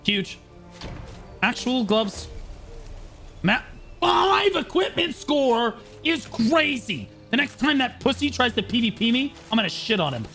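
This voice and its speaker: A man streaming an online game, commenting live and swinging between shouted trash talk and low muttering. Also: very animated, unhurried, soft background music.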